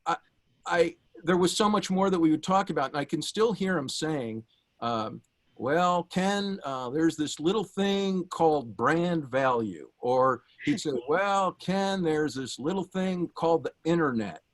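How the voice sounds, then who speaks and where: A man's voice: on the high side, fairly bright tone. A man speaking over a video call, giving a heartfelt tribute to his former professor, telling anecdotes with light laughs. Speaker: memorial speaker, former student.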